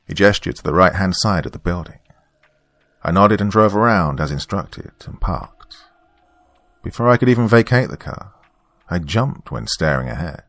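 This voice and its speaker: Man, very low pitch, gravelly fry, dry close sound, first-person horror narration. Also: lively intonation, a bit bright, no echo. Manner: measured, descriptive, ominous. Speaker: storyteller.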